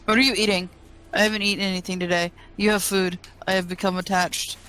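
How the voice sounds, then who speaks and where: Woman, playful gamer, slightly whiny, bright tone. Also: mid-range voice, level tone, fast talker, clean tone, low-quality recording. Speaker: player. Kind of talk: casual gaming chat.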